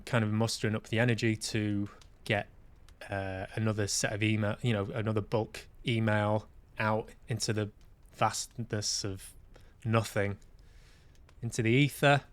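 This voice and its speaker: A podcast host and actor from Manchester, UK, speaks in a smooth, lowish voice. His monologue is casual, candid, and reflective, with self-deprecating remarks and an occasional swear word.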